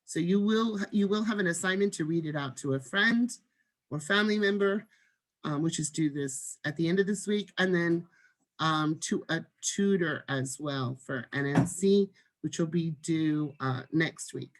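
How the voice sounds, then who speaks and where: A woman teacher giving an online lesson on reading a text aloud, measured and demonstrating with marked pauses. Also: low-pitched.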